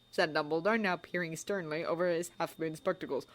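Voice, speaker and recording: A woman narrating a fan-written story in an expressive, audiobook reading style. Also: deep voice, a little fast, hardly any pauses. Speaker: fanfiction reader.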